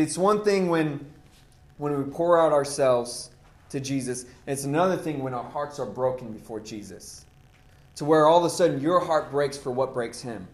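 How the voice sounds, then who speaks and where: A man's voice: a little high, a little mellow. A man preaching a sermon in an impassioned, conversational way. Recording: roomy echo.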